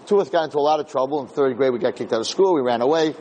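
A man in his sixties, a rabbi, telling a self-deprecating childhood story in a lively lecture, often repeating phrases. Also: medium pitch, rapid-fire, slight background noise, poor audio. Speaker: rabbi giving a Torah talk.

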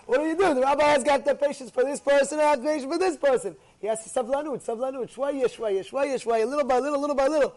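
A man with a very high voice delivers an animated Torah lesson at a quick clip. He keeps repeating key words for emphasis and acts out the people in his examples. Hebrew and Yiddish words come up throughout his English. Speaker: rabbi teaching a Torah class.

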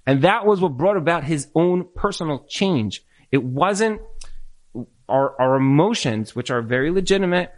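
A man lecturing in a question-and-answer session, animated and acting out bits of dialogue as he explains. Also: fairly high pitch, normal speed. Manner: animated, acts out quoted dialogue. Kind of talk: Q&A talk on marriage.

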